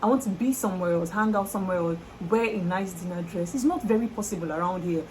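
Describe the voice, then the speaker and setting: Young Nigerian woman vlogger, animated and expressive, light background noise. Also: fairly low pitch, quick pace, poor audio. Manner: lively, exclamatory, laughing. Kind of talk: casual chat to camera.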